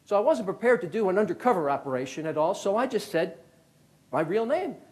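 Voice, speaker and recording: A man around fifty from Connecticut, a former FBI agent giving a keynote talk as a lively storyteller who acts out the people in his anecdotes. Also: high voice, fairly quick. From Connecticut, USA.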